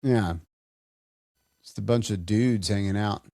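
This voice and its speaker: A man's voice: fairly low pitch, dark tone, dry recording, studio quality. A man co-hosting a podcast, telling stories in a casual, rambling way with frequent restarts. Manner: rambling, halting storyteller with many restarts. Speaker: podcast co-host. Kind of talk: casual chat.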